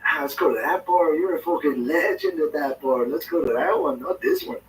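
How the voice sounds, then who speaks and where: A man's voice: fairly high pitch, big pitch swings, a little fast, slight background noise, voice pushed up. A man putting on a to play a rowdy, profane man who always wants to fight. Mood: boastful. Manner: shouty, profane, aggressive. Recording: roomy echo, distant mic.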